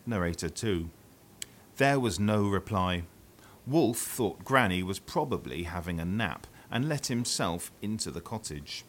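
A man's voice: sits low, expressive, measured pace. A man reading a children's play aloud, announcing each speaker and stage direction. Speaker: reader.

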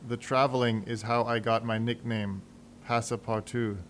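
A man's voice: mid-range voice, flat delivery, normal speed, a little hiss or hum, natural voice. A man playing an eager young manservant. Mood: earnest.

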